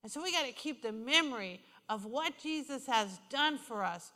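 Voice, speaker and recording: A woman preaching a sermon, telling stories with passion and moving from loud declarations to hushed, intimate moments. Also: sits high, lively intonation, normal speed. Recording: hall reverb.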